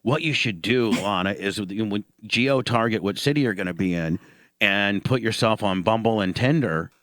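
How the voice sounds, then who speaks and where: Low-voiced guy hosting radio, crude teasing banter, dry close sound. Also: normal speed, a bit bright, no room sound. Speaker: radio show host. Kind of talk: casual live radio interview.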